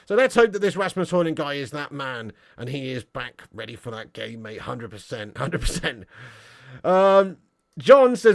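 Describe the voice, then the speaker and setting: Jokey bloke reading out super chats on a stream, lots of laughing, kinda high pitched. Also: male voice, very animated, unhurried, gravelly. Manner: jokey, laughing, chatty, British slang. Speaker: football livestream host. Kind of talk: casual livestream chat reading super chats.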